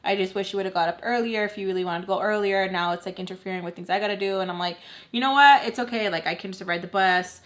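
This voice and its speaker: A young woman talks her way through a personal storytime while she does her makeup, with "like" dropped into nearly every sentence. Her voice sits at an average pitch for a woman, and she slips into the voices of the other people in the story as she goes. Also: steady tone, fast, hardly any pauses. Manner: chatty, leans on "like" constantly, acts out the other people in the story. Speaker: YouTube storyteller. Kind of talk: casual storytime chat while doing makeup.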